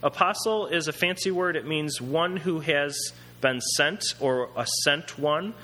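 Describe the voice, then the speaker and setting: Guy preaching a sermon, chatty and animated, pretty high bright voice, long echo like a big hall. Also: a little slow. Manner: conversational, animated, acts out characters.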